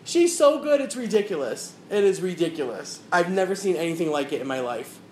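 A woman's voice: on the low side, big pitch swings, fairly quick, darkish tone, slight background noise. A woman in casual chat, telling a funny story with lots of energy, acting out the people she quotes and laughing as she goes. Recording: roomy echo with faint ambience.

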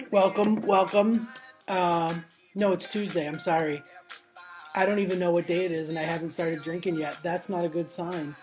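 A woman with a slightly low voice hosts a casual internet radio show. She rambles from one thought to the next, cracking jokes at her own expense. Faint music plays behind her. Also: fairly even intonation, unhurried, pauses often, a little mellow. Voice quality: rambling, joking, self-mocking. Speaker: podcast host. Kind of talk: casual chat.

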